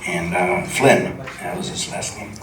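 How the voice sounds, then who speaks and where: An older man telling lively stories about his years in local television, acting out what others said and laughing often, before a live audience. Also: low-pitched, unhurried. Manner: chatty, laughs often, acts out quoted dialogue. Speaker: guest storyteller. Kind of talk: live on-stage storytelling. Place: supper club stage before an audience. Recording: roomy venue sound from a distant mic with background noise.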